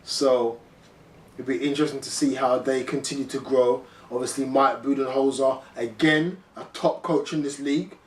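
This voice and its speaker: A man's voice: mid-range voice, fairly even intonation, moderate pace. A man hosting a casual sports chat, chatty and filling his talk with "you know what I mean". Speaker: podcast host. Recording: echoey room, mic at a distance.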